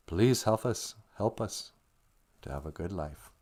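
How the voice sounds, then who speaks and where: A man's voice: sits low, lively intonation, measured pace, a little mellow. A man from Minnesota with an Upper Midwest accent, hosting a casual livestream, chuckling and teaching words while reading viewer comments aloud. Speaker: livestream host teaching Ojibwe. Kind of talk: casual livestream chat and language lesson.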